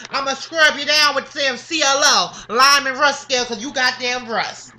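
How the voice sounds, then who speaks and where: Woman, high voice, bright and sharp, sassy profane rant, emphatic, vlog to camera. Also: moderate pace. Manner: sassy, swearing, emphatic, repeats "understand?". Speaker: vlogger.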